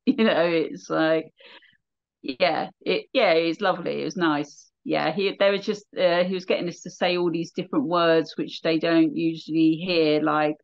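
Chatty English woman, slightly low voice. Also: dull audio. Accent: Southern English. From England, near London. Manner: chatty, laughing storyteller. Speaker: radio DJ guest. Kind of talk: casual chat.

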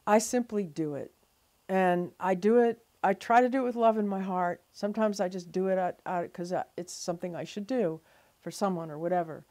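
Animated woman telling a story. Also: lowish voice. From Louisiana. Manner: animated storyteller, acts out dialogue, frequent fillers and restarts. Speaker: photographer telling her story. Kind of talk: personal storytelling interview.

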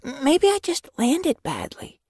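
A man's voice: very high voice, huge pitch swings, slow, darkish tone, no room sound, studio quality, pitched above the performer's own voice, exaggerated voice. Man doing a stubborn young she-cat. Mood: indignant. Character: young female apprentice cat, proud and stubborn.

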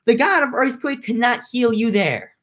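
A woman's voice: fairly high pitch, very animated, normal speed, pitched above the performer's own voice. A woman voicing a proud, defiant male sea captain who taunts his foe, in an amateur read-aloud. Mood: boasting.

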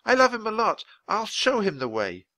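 A man voicing an eager, excitable young girl in a storybook reading. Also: high-pitched, normal speed, no echo, pitched above the performer's own voice, exaggerated voice. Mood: excited.

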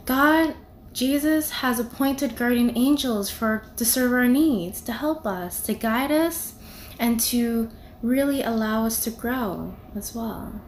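A woman's voice: fairly high pitch, slow pace, slight background noise. A young woman giving a casual devotional talk, conversational and full of "you know" and "like". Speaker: devotional video speaker.

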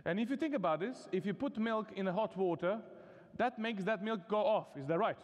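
A man's voice: high voice, lively intonation, fairly quick. A man from Serbia with a Serbian accent, preaching a sermon in a conversational, humorous way with many casual fillers. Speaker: guest preacher. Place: chapel hall at a university vespers service. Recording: long reverb of a large hall.

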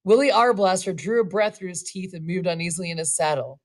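A woman's voice: fairly low pitch, fast. Woman reading a western story aloud. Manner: casual, laughing asides. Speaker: reader and narrator.

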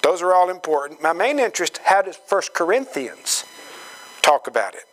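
A man preaching a sermon, slow and emphatic, acting out quoted voices with dramatic swings in pitch. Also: big pitch swings, slight background noise, low-quality recording. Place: church gathering hall.

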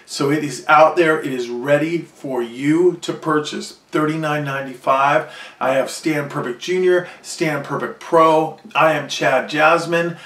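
A man's voice: a little high, fairly even intonation, a little slow, fairly bright tone. A man delivering a proud, boastful self-promotional vlog monologue about his invention. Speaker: inventor and vlogger. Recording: echoey room, distant from mic.

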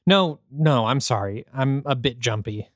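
A man's voice: medium pitch, a little slow, no echo, clean studio sound, natural voice. A man doing a jittery, weary ex-soldier. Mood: nervous. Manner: nervous, earnest, self-deprecating. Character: jumpy ex-soldier adventurer, weary and anxious. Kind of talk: reading a screenplay aloud.

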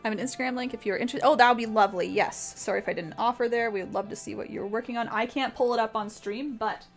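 A woman's voice: a little high, fast talker, soft background music. A young woman from Canada chatting casually with her live-stream audience as she paints, reading messages aloud and laughing often. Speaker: art streamer.

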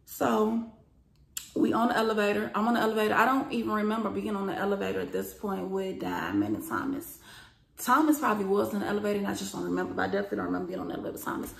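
A young woman telling a profane storytime vlog, acting out the quoted lines loudly and with lots of emotion. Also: mid-range voice, quick pace, gravelly, echoey room. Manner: animated, profane, acts out quoted lines with rising loudness.

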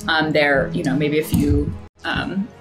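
A woman's voice: sits low, fairly even intonation, measured pace, over loud music, poor audio. A woman running a tabletop game as game master, chatty and often laughing.

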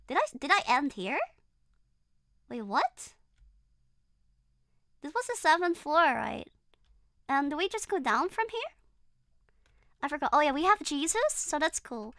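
A woman's voice: sits high, expressive, a little slow, pauses often, fairly bright tone, no room sound, clean studio sound, soft background music. A young woman streaming a horror game, chatting casually and rambling with a giggly, hesitant manner. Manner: giggly, rambling, lots of ums and restarts. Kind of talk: casual gameplay chat.

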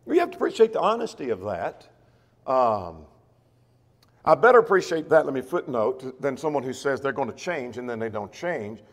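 A man teaching a verse-by-verse Bible class, reading scripture slowly and with emphasis, then explaining it in a conversational way. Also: mid-range voice, sing-song, big-room sound. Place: church.

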